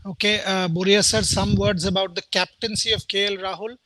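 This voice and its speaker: A man hosting a live sports talk show, animated and firing off rhetorical questions. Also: high-pitched, fairly quick, poor audio. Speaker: show host.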